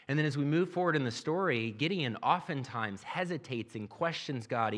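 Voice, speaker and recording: A man's voice: medium pitch, a bit bright. A man preaching a sermon, reading scripture aloud and then explaining it in a plain, conversational way. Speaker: pastor.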